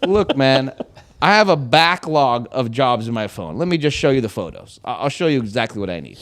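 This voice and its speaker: A young man hosting a podcast tells a casual story in a medium-pitched voice at a brisk pace. He's animated, swears a lot, and acts out the quotes.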